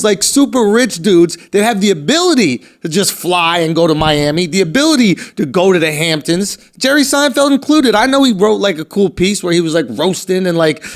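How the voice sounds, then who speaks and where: New man in his 30s, higher register, heated profane rant, podcast co-host. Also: a little fast, hardly any pauses. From New York. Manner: animated, profane, riled up.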